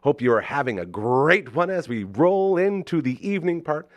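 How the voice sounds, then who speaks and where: Lively, effusive man hosting. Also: normal speed, no echo, lo-fi sound. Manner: effusive and upbeat, with big swings in pitch. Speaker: radio show host. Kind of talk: casual chat.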